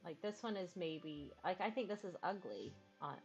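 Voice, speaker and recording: A woman with a slightly low voice chats loosely while streaming a game, thinking aloud and cooing at her dogs now and then. The audio is a bit dull and lo-fi. Faint game music plays underneath. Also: expressive, normal speed. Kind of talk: casual game stream chat.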